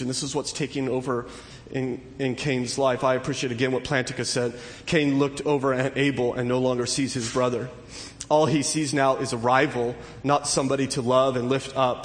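A pastor preaching a sermon. He builds to emphatic, animated peaks and then drops back low. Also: moderate pace. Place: church sanctuary. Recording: long hall reverb, faint noise.

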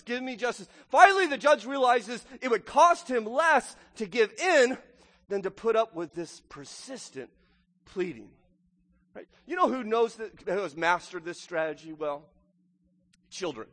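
Animated male pastor in a reverberant hall. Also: high voice, unhurried, long pauses. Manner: animated, acts out voices, keeps asking "right?". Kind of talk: sermon.

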